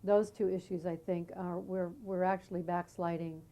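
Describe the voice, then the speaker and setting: A woman's voice: on the low side, flat delivery, moderate pace, dark tone. A middle-aged American woman, a guest on a studio talk show, speaking earnestly and reflectively about activism. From United States. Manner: earnest, reflective, with small restarts. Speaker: guest, singer and peace activist. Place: community TV studio.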